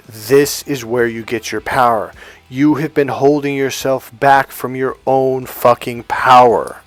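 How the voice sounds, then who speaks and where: This is coaching talk to camera from a middle-aged dating coach, delivered at a moderate pace in a medium-pitched voice over soft background music. He's blunt and emphatic, swears freely, and repeats phrases to drive his points.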